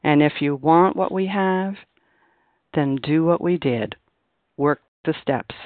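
A woman's voice: sits low, slow pace, dry recording. A woman sharing her experience at a recovery meeting, earnest and repeating key phrases for emphasis. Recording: dry, tinny phone line.

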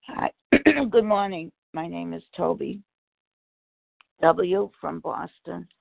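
A hoarse man sharing at a recovery meeting, halting and emotional, often clearing his throat. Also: sits high, lively intonation. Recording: tinny phone-like call audio.

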